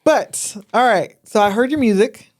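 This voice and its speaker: A woman's voice: a little high, expressive, moderate pace, darkish tone. A woman co-hosting a casual podcast chat, playful and teasing, with a slight lisp. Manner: playful, teasing, laughs often. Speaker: podcast co-host.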